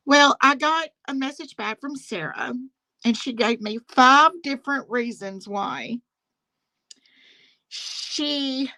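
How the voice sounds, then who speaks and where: A woman rants through a story on a talk panel, indignant and quick to laugh as she speaks to the host. Her voice is bright and forceful, set a little higher than most women's, and the recording is dry and close. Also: no room sound, rough recording. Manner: indignant, laughs often, addresses the host directly. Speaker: guest on a live talk panel. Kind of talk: casual storytelling rant.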